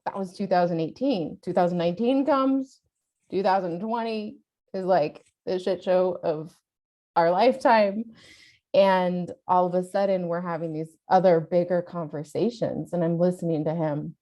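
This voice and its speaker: Lively storytelling woman, lower voice. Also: measured pace. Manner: animated, laughing, quoting voices. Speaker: podcast co-host, mother. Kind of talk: casual conversational storytelling.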